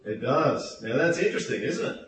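A man's voice: medium pitch, animated, brisk, slight background noise. A man preaching a sermon to a congregation in a church hall, talking in a conversational way, asking the listeners questions and acting out quoted voices. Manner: acts out quoted voices in asides. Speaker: pastor. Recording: echoey hall, speaker far from mic.

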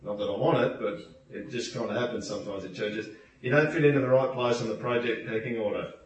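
A man's voice: medium pitch, fairly even intonation, fast, dull audio. A male pastor preaches to a congregation in a carpeted church hall, chatty and direct, often turning questions on his listeners. His voice sits in the middle of a man's range. It rings through a very echoey room and is picked up from far off the mic. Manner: conversational, asks the congregation questions; acts out quoted voices in asides. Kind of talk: sermon.

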